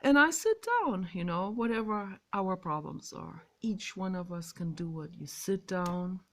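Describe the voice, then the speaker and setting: Slow, gravelly woman drawing out her words. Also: lowish voice. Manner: emphatic and drawn-out, swinging between loud stresses and soft whispers. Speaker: vlogger. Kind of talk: casual spoken monologue on meditation.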